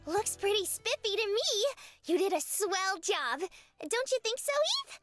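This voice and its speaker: Woman doing Yellowstone, a very high bubbly girl. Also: animated, measured pace, no room sound, soft background music, full character voice. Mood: chipper. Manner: chipper, old-fashioned folksy phrasing. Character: bubbly cheerful young woman park ranger type. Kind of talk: reading a visual novel aloud.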